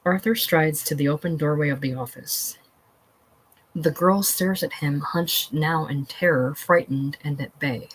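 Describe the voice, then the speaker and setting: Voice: mid-range voice, measured pace, breathy edge, poor audio. A reader going through a play aloud, reading the stage directions in a plain way.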